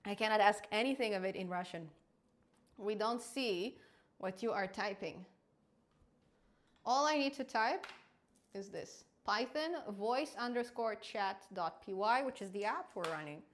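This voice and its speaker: A woman's voice: mid-range voice, a little slow. A woman hosting a casual live coding stream, thinking aloud as she works and answering chat.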